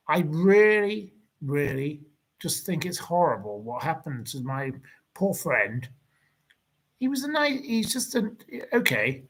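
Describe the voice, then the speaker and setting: Slow, husky-voiced indignant man ranting. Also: on the high side, a bit bright, rough recording. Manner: indignant, rambling, repeats insults. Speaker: channel host answering viewer comments. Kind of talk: ranting livestream talk.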